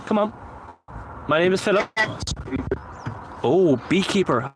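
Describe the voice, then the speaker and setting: A man with a fairly high voice sits outdoors at night as a paranormal investigator, calling out to spirits in earnest, repetitive pleas. Clear traffic and urban noise hum behind him throughout the recording. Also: animated, unhurried, long pauses. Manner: repetitive, earnest pleading calls. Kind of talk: solo ghost-hunting vlog, calling out to spirits. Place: outdoors at night, seated on a memorial bench.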